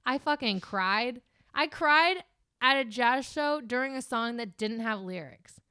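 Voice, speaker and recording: A woman with a Californian accent tells rambling stories in casual podcast chat. Her voice is smooth and a touch high, and she swears freely and laughs easily. The mic is close and dry. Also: animated, measured pace, bright, forceful tone, no room sound. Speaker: podcast co-host.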